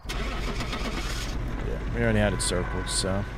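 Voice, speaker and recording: Male game streamer, thinks aloud with fillers, lively pitch over faint noise. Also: normal speed. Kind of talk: casual gameplay commentary.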